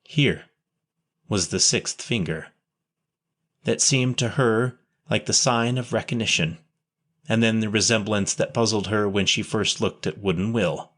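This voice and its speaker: A man reading a historical memoir aloud in a measured, plain storytelling way. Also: on the low side, a bit bright. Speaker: audiobook narrator.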